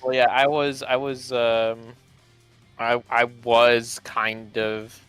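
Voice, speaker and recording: Hesitant guy on a stream, bright voice, restarts a lot. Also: mid-range voice, little pitch movement, slow pace, clear, resonant tone, no echo, soft background music. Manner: hesitant, short reactions, restarts. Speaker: stream co-host. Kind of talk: casual commentary stream chat.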